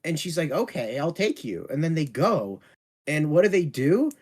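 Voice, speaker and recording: A man's voice: fairly high pitch, big pitch swings, normal speed, husky. A man co-hosting a casual podcast, ranting sarcastically and swearing in exasperation. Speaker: podcast co-host.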